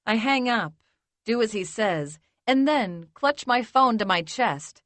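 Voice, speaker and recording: A woman reads a first-person romance audiobook at an unhurried pace. Her delivery is measured and intimate, and her voice sits in the middle of the female range. The recording is dry and close to the mic. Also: medium pitch, expressive, fairly bright tone, dry recording. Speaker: audiobook narrator.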